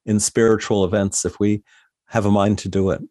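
Low-voiced male interviewer, dry sound. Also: level tone, a little fast, mellow, no echo. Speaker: interviewer host. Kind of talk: calm interview questions.

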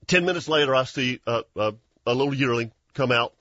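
A man, hosting a hunting show and telling a story in an animated way, with frequent laughs and restarts. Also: medium pitch, a little fast, dry recording, muffled recording. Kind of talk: casual storytelling chat.

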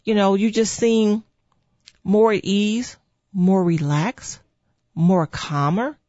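A man's voice: high-pitched, slow pace, a little mellow, no echo. A speaker retelling a surprised male doctor's reassuring words in a lo-fi recording. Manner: explaining, reassuring. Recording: dull lo-fi dry sound.

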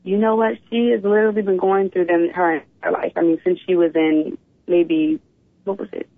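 A woman in her thirties, from Philadelphia, tells her story as an interview guest in an animated, open way. She comes through a tinny, dry phone line with no room sound. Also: lowish voice, normal speed, dry recording. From Philadelphia, USA. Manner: animated storytelling, often starts with "you know what". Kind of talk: casual interview.

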